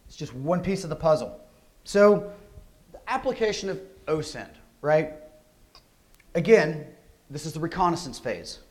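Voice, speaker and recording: A man giving a security conference talk, energetic and conversational, often asking rhetorical questions. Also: fairly high pitch, a little slow, pauses often. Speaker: conference speaker. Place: conference hall.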